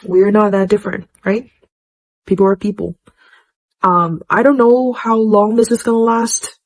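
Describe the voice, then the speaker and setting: A young woman from China, talking earnestly and warmly straight to the camera in casual chat. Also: mid-range voice, unhurried, rough recording. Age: young adult. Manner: earnest and warm, with lively quoted voices. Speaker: social media commentator.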